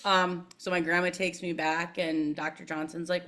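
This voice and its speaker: A woman's voice: on the low side, little pitch movement, moderate pace, sharp tone. A young woman, telling her story as a podcast guest in a chatty way, with many fillers and frequent laughs. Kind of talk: casual interview storytelling.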